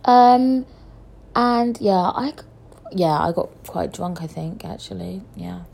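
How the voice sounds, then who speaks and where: A young woman chatting casually to camera as a vlogger, excitable and quick to laugh and swear. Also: on the low side, creaky. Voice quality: visually impaired speaker.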